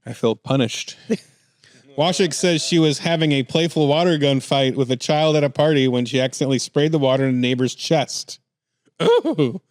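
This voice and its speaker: A man's voice: medium pitch, steady tone, moderate pace, clear, resonant tone, dry recording. Dry-sounding joking male podcast host. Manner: jokey, laughs often, reads headlines aloud. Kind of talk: casual comedic news chat.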